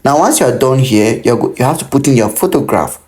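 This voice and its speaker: A man's voice: medium pitch, lively intonation, a little fast, darkish tone. A man in his thirties from Cameroon, hosting a step-by-step tutorial and talking the viewer through filling in an online form, often repeating that they must pay close attention. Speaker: tutorial host. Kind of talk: screen-recorded how-to walkthrough.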